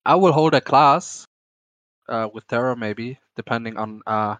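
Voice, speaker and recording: A man with a German accent hosting a casual online Q&A, speaking haltingly with many restarts and self-corrections. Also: mid-range voice, fairly bright tone, clear, resonant tone, no room sound, muffled recording. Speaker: AMA host.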